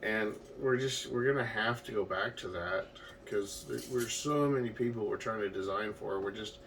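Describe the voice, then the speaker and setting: A man's voice: fairly low pitch, normal speed, vocal fry, a bit bright. A man who builds homes, explaining his services in a plain-spoken, conversational way. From Florida. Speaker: home builder. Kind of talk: casual explanatory talk. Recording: distant mic with faint noise.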